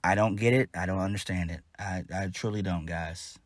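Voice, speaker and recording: A man's voice: low voice, fairly even intonation, normal speed, dry recording. A man giving a casual solo wrestling review, blunt, exasperated and profane.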